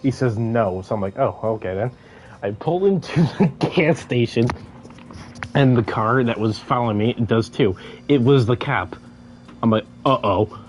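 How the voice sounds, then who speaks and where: A man's voice: mid-range voice, a little slow, darkish tone, a little hiss or hum. A young man casually telling a story while gaming, stuttering and repeating sounds, laughing as he goes.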